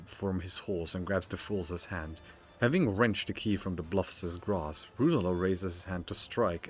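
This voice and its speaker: A man streaming a role-playing game, chatting casually and reading the game's text aloud, often stumbling over words. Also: low-pitched.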